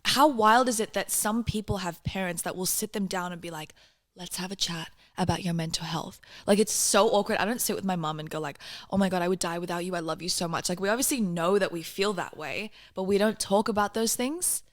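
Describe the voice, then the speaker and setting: A woman in her twenties hosting a podcast, chatting casually and telling animated stories with quick asides. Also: fairly low pitch. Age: 20s. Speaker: podcast host. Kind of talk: casual chat.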